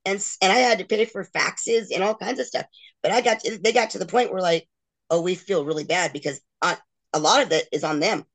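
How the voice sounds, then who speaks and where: A woman's voice: mid-range voice, fairly quick. Middle-aged woman guest, candid and emotional, acts out others' words as she tells her story. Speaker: interview guest.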